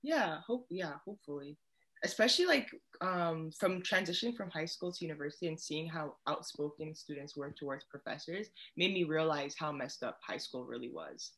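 A woman's voice: sits low, animated, normal speed, fairly bright tone. A young woman, a poet guest on a podcast, chatting casually and speaking out emphatically. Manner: outspoken and emphatic. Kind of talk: casual chat.

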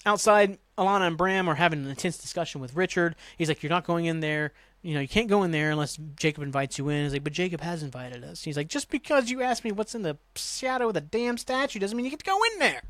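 A man hosting a podcast, casually recapping a TV episode in a rambling way, swearing and jumping into quick voices for the characters. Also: on the high side, fairly bright tone, no echo. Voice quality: rambling, swears, acts out lines with quick voice jumps. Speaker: podcast host.

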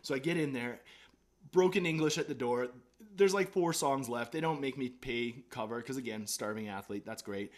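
A young man spinning a story as a podcast guest, his voice sitting at an ordinary middle pitch. He talks in an animated, loose way, jumping into his own past lines, restarting sentences and swearing casually. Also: moderate pace. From Canada.

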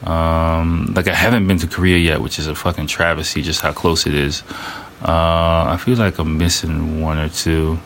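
A man's voice: very deep voice, little pitch movement, moderate pace, fairly bright tone, slight background noise. A man in his thirties hosting a casual solo podcast, loose and rambling, full of fillers, restarts and slang. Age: 30s. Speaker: podcast host.

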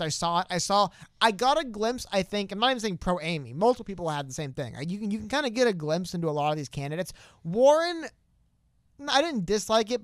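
A man's voice: high-pitched, clean tone, no echo, clean studio sound. A young man co-hosting a casual political talk show, arguing emphatically and slipping into mocking impressions. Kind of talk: casual political debate chat.

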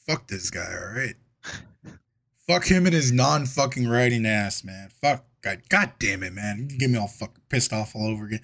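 A man's voice: medium pitch, expressive, moderate pace, a bit bright. A man co-hosting a casual podcast, swearing constantly and ranting in exasperation. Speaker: podcast co-host. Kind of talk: casual profane chat.

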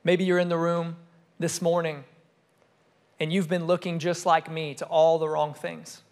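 A young adult man, a student pastor, preaching a sermon with emphatic, repeated phrases that rise and fall in loudness. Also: a little high, flat delivery, unhurried.

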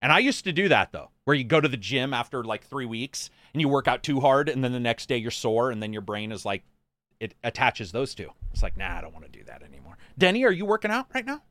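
A man's voice: mid-range voice, sing-song, a little fast, a bit bright, no echo. A man in casual chat, telling jokey, profane stories and acting out quotes.

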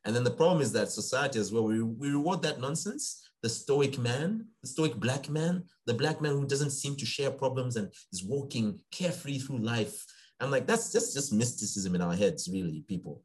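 Young guy chatting in an interview, pitch jumps all over, acts out the back-and-forth when he tells a story. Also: a little fast, breathy edge. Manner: animated storyteller, acts out quoted dialogue. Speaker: guest, psychiatrist in training. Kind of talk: casual conversational interview.

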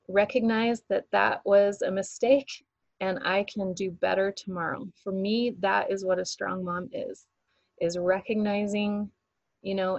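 Woman, gravelly edge, dry close recording, easygoing reflective co-host. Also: mid-range voice, a little mellow, no echo, muffled recording. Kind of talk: casual chat.

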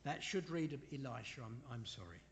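A man preaching a sermon in an unhurried way, asking his listeners rhetorical questions and making apologetic asides. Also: medium pitch, big pitch swings, slight background noise. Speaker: preacher leading a Bible study.

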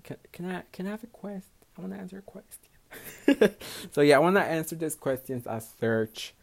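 Profane rambling young man. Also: medium pitch. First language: Spanish. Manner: profane, rambling, self-mocking, laughs a lot. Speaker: podcast host. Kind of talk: casual solo podcast monologue.

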